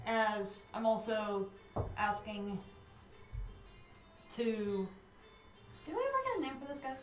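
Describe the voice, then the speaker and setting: A woman's voice: fairly high pitch, big pitch swings, slow. A woman playing a tabletop game, giggly and hesitant, with many fillers. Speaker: player. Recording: roomy, distant mic, faint music.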